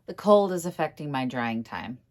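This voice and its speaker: A woman's voice: sits low, very animated, moderate pace, darkish tone. A middle-aged woman in a casual workshop vlog, talking to the camera as she works on a piece of furniture in a room at home. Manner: chatty, talks to camera while working, mutters when frustrated. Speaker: furniture flipper vlogger. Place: home workroom indoors.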